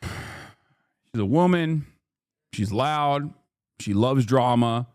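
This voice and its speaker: A man's voice: medium pitch, expressive, drawn-out words, darkish tone, dry recording. Man ranting, cursing, on a dry mic. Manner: heated, profane ranting; indignant rhetorical questions. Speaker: streamer reacting to videos. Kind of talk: casual live-stream commentary.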